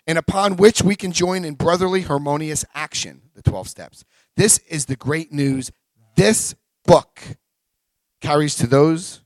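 A man with a high voice addresses a recovery meeting, telling animated stories. He jumps between loud bursts and muttered asides, with crude humor. The sound is dry and close. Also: dry recording. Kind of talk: animated talk to a group.

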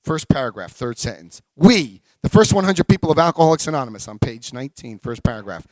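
A man speaking to a recovery meeting group, telling lively stories with loud bursts, muttered asides and crude humor. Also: mid-range voice, quick pace, no echo. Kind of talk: animated talk to a group.

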